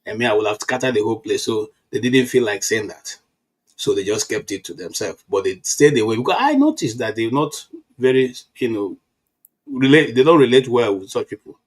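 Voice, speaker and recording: A Nigerian man in his fifties holds forth in a casual political chat. His voice is husky and sits at an ordinary pitch, and he tells his stories with animated restarts. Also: normal speed. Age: 50s. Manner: animated storytelling with frequent restarts.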